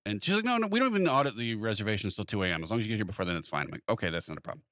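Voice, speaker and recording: Fast-talking man telling a story. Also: on the low side, no echo, studio quality. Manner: animated anecdote-telling, acts out quoted exchanges. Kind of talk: casual chat.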